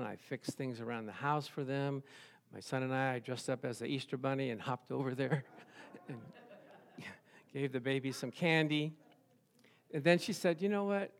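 A middle-aged man, a pastor, preaching a sermon full of playful stories and acted-out voices. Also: a little high.

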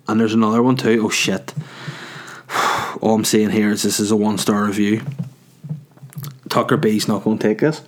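A man's voice: fairly low pitch, flat delivery, moderate pace, long pauses. A man hosting a comic podcast, reading reviews aloud with wry, mocking remarks. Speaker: podcast host.

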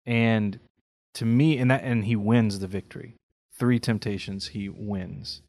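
A man's voice: fairly low pitch, fairly even intonation, measured pace, a little mellow, no room sound. Guy co-hosting a faith podcast, earnest and reflective, keeps asking "right?", dry close mic sound. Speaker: podcast co-host. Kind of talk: casual faith podcast chat.

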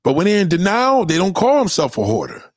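A man's voice: high-pitched, wildly swooping pitch, quick pace, no room sound. A man giving blunt, profane opinions in a casual, emphatic rant, often repeating himself. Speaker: commentator.

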